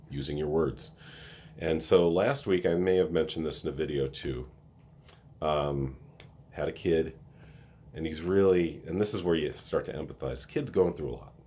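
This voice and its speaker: A man's voice: a bass voice, darkish tone, slight background noise. A man who works at a school, talking earnestly and with emotion in a casual vlog, often restarting his sentences. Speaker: school staff member.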